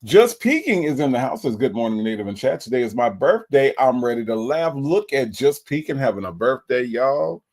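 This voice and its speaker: A man's voice: medium pitch, very animated, moderate pace, hardly any pauses, a little mellow. A man hosting a casual livestream, reading out viewer comments and greeting each one in a playful way. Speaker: livestream host.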